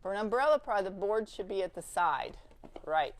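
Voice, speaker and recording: A woman's voice: mid-range voice, animated, no room sound. Practical woman instructor, dry close sound. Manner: checks in with "okay?" often, brisk and practical. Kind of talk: hands-on training demonstration.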